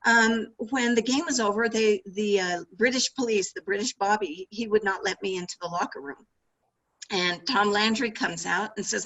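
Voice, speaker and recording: Woman, middle-aged author, lively anecdotal storyteller; bright, slightly breathy tone. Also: fairly high pitch, a little fast, poor audio. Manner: animated anecdotes with laughter and restarts. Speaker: author and former sportswriter. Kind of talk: storytelling interview answers.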